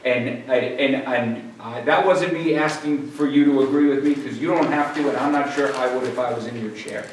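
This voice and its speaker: Man, board member at a public hearing, measured and halting, very echoey room, mic far away. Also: mid-range voice, slight background noise. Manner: measured, halting, many restarts. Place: town meeting room.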